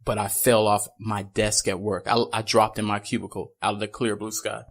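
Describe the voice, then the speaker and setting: A man co-hosting a casual podcast, talking in an animated way, laughing often and slipping into goofy impressions. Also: fairly low pitch, moderate pace. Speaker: podcast co-host.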